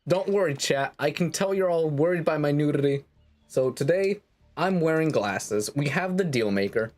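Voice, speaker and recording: A man's voice: fairly high pitch, lively intonation, normal speed, darkish tone. A man streaming a game, chatting with his viewers in a playful, self-mocking way. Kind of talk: casual livestream chat.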